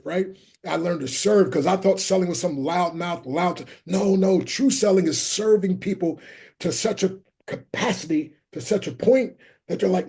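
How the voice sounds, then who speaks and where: Middle-aged male guest, preacher-style cadence, slightly high voice with a husky edge. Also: mellow. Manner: fervent, quotes scripture, calls the host "my friend". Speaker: guest, motivational speaker. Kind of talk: preaching-style interview talk.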